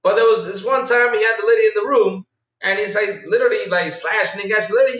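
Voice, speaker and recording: A male podcast host chatting casually on a livestream and reacting to viewer comments, excitable and rambling, swinging between low mumbles and loud outbursts. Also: quick pace. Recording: roomy sound from a distant mic.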